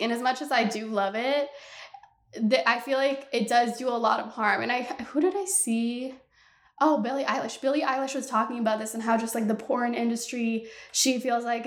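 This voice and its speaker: A young woman hosting a solo podcast, ranting bluntly and with animated exasperation. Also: a little high, reverberant. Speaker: podcast host.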